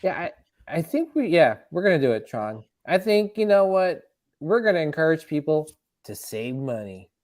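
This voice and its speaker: A man's voice: on the high side, moderate pace, dry recording. Man, podcast host, casual chat, laughs a lot, rambling fillers, dry sound. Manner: laughing, animated, loose filler-heavy talk.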